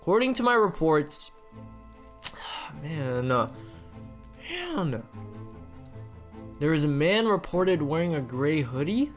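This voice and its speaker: Male cop figure, matter-of-fact, reassuring, animated pitch, faint music, as a man puts him on. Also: slow pace, pauses often. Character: grown male police officer reading reports.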